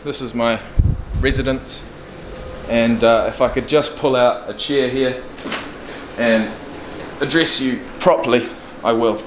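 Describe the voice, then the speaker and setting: A man's voice: medium pitch, steady tone, measured pace, background noise. A man of thirty talking bluntly and candidly in a casual video diary, swearing freely. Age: 30s. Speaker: vlogger. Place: indoors in a furnished flat.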